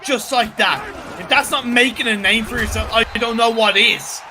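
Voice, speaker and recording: A man's voice: very high-pitched, normal speed, a crowd in the background, background noise. A man giving chatty, analytical color commentary on an esports match.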